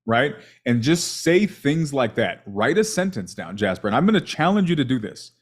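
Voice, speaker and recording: A man's voice: medium pitch, moderate pace, slightly rough. A man coaching a sales rep, talking emphatically and checking in with "right?" all the time. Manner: emphatic, animated, asks "right?" constantly. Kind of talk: coaching call review.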